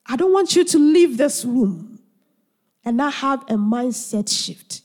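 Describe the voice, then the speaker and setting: A woman's voice: high-pitched, lively intonation, takes it slowly, darkish tone. A woman preacher delivering an earnest sermon full of emphatic rhetorical questions, heard in a church hall. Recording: long church hall reverb.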